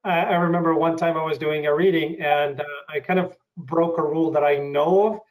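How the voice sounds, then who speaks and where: Hesitant man, slightly high voice. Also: fairly even intonation, brisk, low-quality recording. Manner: thoughtful, hesitant, with many uhs. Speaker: interviewer and actor. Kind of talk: casual interview.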